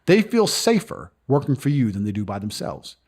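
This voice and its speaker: A man's voice: medium pitch, big pitch swings, normal speed, darkish tone. A man being interviewed, talking bluntly and boastfully, swearing freely and acting out other people's voices as he tells stories. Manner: acts out quoted voices of others. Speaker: interview guest. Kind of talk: casual interview talk.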